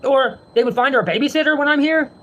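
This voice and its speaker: High, fast-talking ranting man. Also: fairly bright tone, dull audio. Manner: heated, defensive, profane. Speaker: vlogger. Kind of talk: ranting monologue to viewers. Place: home.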